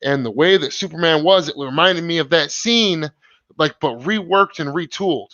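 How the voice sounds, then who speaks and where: A man hosting a live stream, chatting casually in an excited, rambling, slangy way with many restarts. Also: fairly high pitch, normal speed, dry recording, lo-fi sound.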